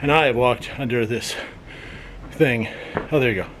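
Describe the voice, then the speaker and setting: The noisy outdoor camera audio captures a man's mid-range voice at a moderate pace as he casually narrates a vlog on a windy coastal cape. He tosses in dry jokes and sarcastic remarks, sometimes breathless from a steep hill.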